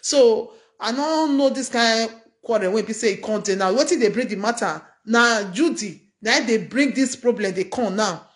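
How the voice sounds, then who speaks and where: A woman's voice: fairly high pitch, normal speed. A middle-aged woman with a Nigerian accent, chatting through a gossip story in a casual commentary style and often asking "you understand?". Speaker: gossip vlogger.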